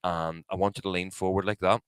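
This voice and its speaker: In a rough recording with a clean tone and no room sound, a podcast co-host talks fast in a low, flat voice. He's telling a casual story, full of swearing, acted-out quotes and frequent laughter.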